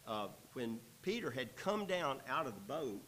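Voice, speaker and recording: A man gives a sermon-style Bible teaching, reading the verses and then stopping to explain them in a relaxed, folksy way with wry jokes. His pitch sits in an ordinary middle range. A faint hiss runs underneath the recording. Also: a little slow, rough recording. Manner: reads scripture aloud, then breaks in with folksy, joking asides.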